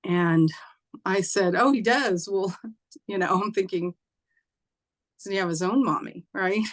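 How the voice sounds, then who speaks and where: A woman telling a personal ghost story in casual chat, acting out what people said in a lifted voice. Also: a little slow. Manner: animated, acts out quoted voices with raised pitch; conversational, with fillers and occasional laughs. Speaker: spiritual teacher and host.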